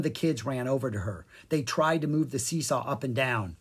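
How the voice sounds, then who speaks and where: A narrator reading a children's chapter book aloud, with animated storytelling and a distinct voice for each character. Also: medium pitch, moderate pace, hardly any pauses, husky. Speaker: audiobook narrator.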